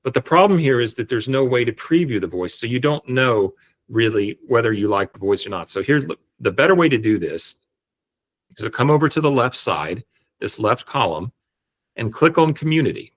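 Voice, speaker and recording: A man explaining step by step how to set up an AI voice agent, speaking on a video call in a relaxed, explanatory way. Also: mid-range voice, moderate pace. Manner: relaxed, explanatory, frequent restarts. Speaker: tutorial presenter. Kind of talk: screen-share software tutorial.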